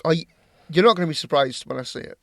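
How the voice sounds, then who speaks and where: Man, somewhat high voice, casual podcast co-host, playful teasing banter, dry close recording. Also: expressive, quick pace, vocal fry, fairly bright tone, no room sound. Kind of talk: casual chat.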